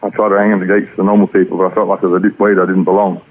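A man's voice: deep voice, flat delivery, rapid-fire, a little hiss or hum. An Australian man telling his life story as an interview guest, in an earnest, rambling way. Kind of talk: personal testimony. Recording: tinny phone-like radio audio.

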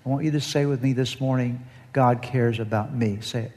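A man's voice: medium pitch, fairly even intonation, moderate pace, warm tone, big-room sound. A male pastor preaching an earnest sermon and leading the congregation in call-and-response.

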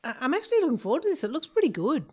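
A woman's voice: high voice, sing-song, very fast, a little mellow. A middle-aged woman co-hosting a podcast, chatting and giggling about snacks. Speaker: podcast co-host. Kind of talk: casual chat.

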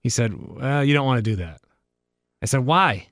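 Bright-voiced wisecracking man hosting. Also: mid-range voice, expressive, no echo, clean studio sound. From Wisconsin. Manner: wisecracking and self-mocking, quick asides. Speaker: podcast host. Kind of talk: casual podcast chat.

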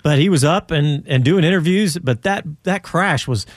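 Relaxed male radio host. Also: fairly high pitch, normal speed, dry recording, studio quality. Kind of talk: casual radio talk.

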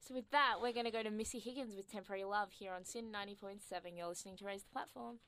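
Creaky-voiced woman radio host. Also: medium pitch, very fast, fairly bright tone. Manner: chatty, trails off with fillers. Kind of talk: casual radio chat. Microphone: studio microphone.

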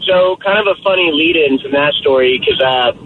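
A man's voice: on the high side, normal speed. A man calling in to a radio show and telling a story, rambling with lots of fillers. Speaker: caller. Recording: phone line with faint noise.

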